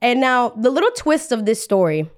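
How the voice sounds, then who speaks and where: A young woman hosting a podcast, telling a story in a casual, animated, chatty way. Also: a little high, normal speed. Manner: animated, chatty, heavy use of "like". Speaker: podcast host.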